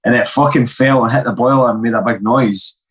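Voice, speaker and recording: A young Scottish man tells rough stories on a podcast, laughing often and swearing at every turn. His voice sits in an ordinary middle register. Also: medium pitch, fairly even intonation, a little fast. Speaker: guest, professional MMA fighter. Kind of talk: casual podcast chat.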